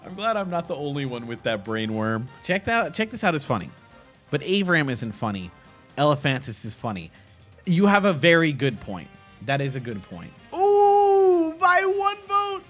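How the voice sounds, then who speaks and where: A young man hosting a casual stream, reacting with excitable laughter and animated commentary. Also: medium pitch, normal speed, soft background music. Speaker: streamer host.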